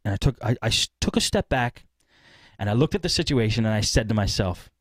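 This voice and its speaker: A man hosting a podcast, telling a long story in a rambling, animated way and acting out what people said. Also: medium pitch, fairly quick, no room sound. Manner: rambling, animated retelling with acted-out quotes. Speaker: podcast host. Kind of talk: casual storytelling.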